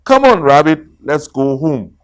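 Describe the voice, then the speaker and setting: A man voicing a cheerful, boisterous male tiger in a children's storybook reading, loud and exuberant. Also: on the high side, very animated, unhurried, smooth. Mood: boastful. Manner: exuberant, shouting greetings.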